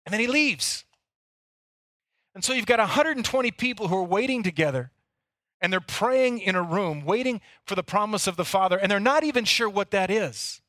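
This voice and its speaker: A man's voice: sits high, expressive, normal speed, fairly bright tone, dry recording, studio quality. A man preaching a sermon, telling the story earnestly and sometimes repeating words as he goes. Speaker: pastor.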